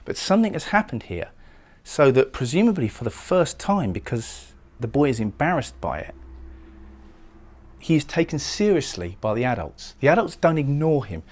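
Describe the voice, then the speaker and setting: A man's voice: mid-range voice, big pitch swings, moderate pace, a little mellow. A man giving a recorded poetry lecture, explaining lines of a poem and often repeating words as he goes. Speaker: literature lecturer.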